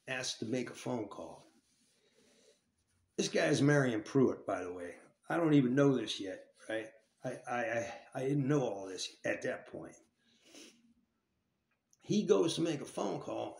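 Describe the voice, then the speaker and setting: A man's voice: medium pitch, creaky, a little mellow, roomy sound. A man casually telling a story from his time in jail, swearing freely and restarting his sentences often. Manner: profane and rambling with many restarts.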